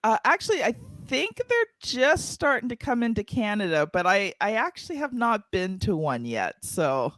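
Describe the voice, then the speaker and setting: A woman's voice: medium pitch, sing-song, moderate pace, few pauses, no echo. A woman hosting a podcast, reading a guest introduction and asking open questions. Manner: reads the guest intro, then asks warm open questions. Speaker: podcast host. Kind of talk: podcast interview.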